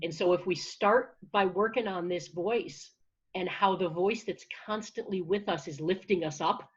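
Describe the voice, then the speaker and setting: Woman, confidence coach, encouraging, energetic, husky voice, dull lo-fi video call sound. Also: on the low side, moderate pace. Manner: energetic, encouraging, with frequent restarts. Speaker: confidence and public speaking coach. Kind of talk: conversational interview answer.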